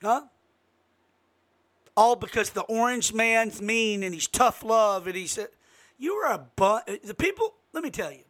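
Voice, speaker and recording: Host, male, high bright voice, fired-up political rant with loud jumps. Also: animated, unhurried. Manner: emphatic, rising to sudden loud outbursts. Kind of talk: impassioned political monologue.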